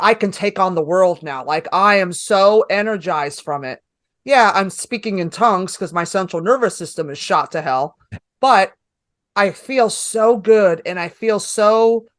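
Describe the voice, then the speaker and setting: A woman comedian with a New York accent telling a story in a casual interview, blunt and profane, voicing her own lines with energy. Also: medium pitch. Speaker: stand-up comedian guest.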